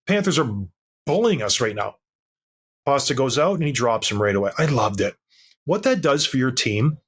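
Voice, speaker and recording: A man's voice: a little high, fairly bright tone, slightly rough. A man co-hosting a sports podcast, telling stories in an emphatic, fired-up way during casual chat. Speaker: podcast co-host.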